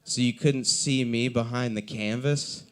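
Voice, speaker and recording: A young man working through a stand-up set at a coffee shop open mic, telling a rambling, self-deprecating story. He has a medium-pitched voice and keeps slipping into the voices of people he's quoting. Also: steady tone, unhurried, clear, resonant tone. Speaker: stand-up comedian.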